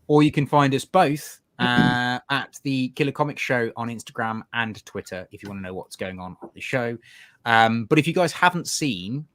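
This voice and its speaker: A man's voice: mid-range voice, fairly bright tone. A man co-hosting a casual comics show, with dry, teasing asides. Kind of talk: casual live-stream chat.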